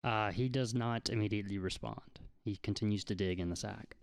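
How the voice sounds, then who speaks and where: A man's voice: lowish voice, fairly quick, vocal fry, no room sound. A man running a tabletop game as game master, narrating with playful amusement.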